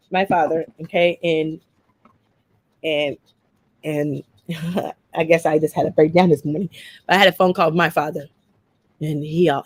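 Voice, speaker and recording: A woman's voice: sits low, dry recording. A woman talking emotionally on her own live stream, her words tumbling out with stammers and repeats. She sounds as if she has just been crying. The sound is dry and close.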